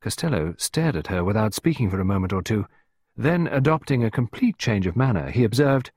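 A man giving an expressive scripted storybook narration as an audiobook narrator. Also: lowish voice, a little fast, breathy edge, no echo, studio quality.

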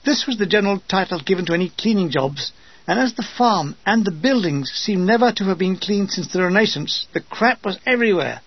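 Husky man telling war tales deadpan. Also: sits high, fairly quick, lo-fi sound. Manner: dry, deadpan comic timing. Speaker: narrator of his own war memoir. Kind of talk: comic audiobook narration.

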